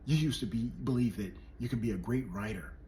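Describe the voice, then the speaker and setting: A man's voice: mid-range voice, a little fast, warm tone, a little hiss or hum, natural voice. A man putting on the voice of his stern middle-aged father, who scolds and then counsels his teenage son in a grave, pressing way.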